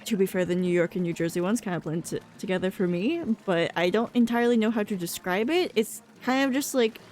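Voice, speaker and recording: A woman's voice: medium pitch, fast, darkish tone, slight background noise. A woman with a Boston accent chatting casually while streaming a game, laughing often and filling with "like". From New England. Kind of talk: casual chat while gaming.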